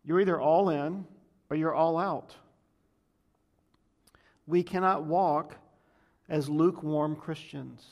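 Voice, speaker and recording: A man's voice: on the high side, fairly even intonation, slow, pauses often, darkish tone, lo-fi sound. A man preaching a sermon as pastor, emphatic and repetitive, with occasional restarts.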